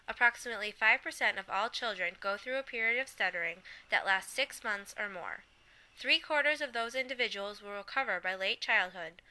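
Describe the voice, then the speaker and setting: Bright-voiced woman narrating facts. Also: medium pitch, poor audio. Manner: clear, measured reading with demonstrations. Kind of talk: scripted informational narration.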